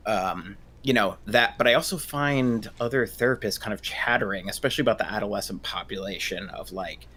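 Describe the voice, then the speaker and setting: Male therapist, 30s, bright timbre, hesitant conversational delivery. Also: on the low side, fairly quick. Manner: hesitant, many restarts and fillers. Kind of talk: casual discussion.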